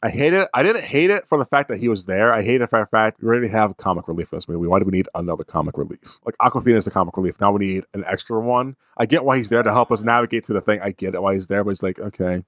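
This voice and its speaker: A man co-hosting a movie review podcast, ranting in an animated, sarcastic and exasperated way. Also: fairly low pitch, very fast, hardly any pauses, no room sound, studio quality. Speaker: podcast co-host. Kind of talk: casual movie review chat.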